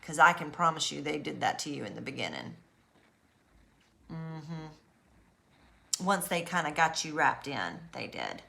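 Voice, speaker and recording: A woman talking casually to camera about recovery from abuse, in an animated storytelling way. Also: low voice, measured pace, creaky, pauses often, slight background noise.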